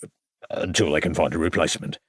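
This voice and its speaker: A man's voice: very deep voice, fairly even intonation, fast, slightly rough, dry recording, studio quality, pitched below the performer's own voice. A man voicing a flustered village policeman who stammers and apologizes nervously, in an audiobook reading.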